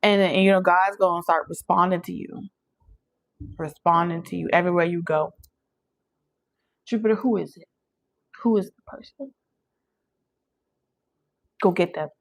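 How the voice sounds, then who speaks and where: A woman giving a casual channeled tarot reading, talking straight to her viewers in an animated, preachy way and laughing often. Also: lowish voice, moderate pace, creaky, long pauses, low-quality recording. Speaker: tarot reader.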